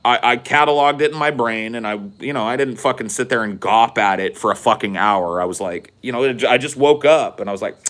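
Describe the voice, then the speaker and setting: A man's voice: medium pitch, brisk, few pauses, fairly bright tone. A man hosting a podcast, telling a rambling, profane story in casual chat. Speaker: podcast host.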